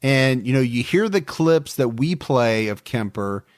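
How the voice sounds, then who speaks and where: Man, podcast host, casual chat, mid pitch, dry close sound. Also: measured pace, dry recording. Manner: relaxed, chatty, fond of the listeners.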